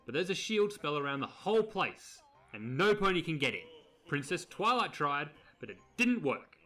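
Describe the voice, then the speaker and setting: A man's voice: fairly high pitch, big pitch swings, normal speed, pushed and bright. A man voicing an exasperated, sardonic adult stallion. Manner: dry and sarcastic.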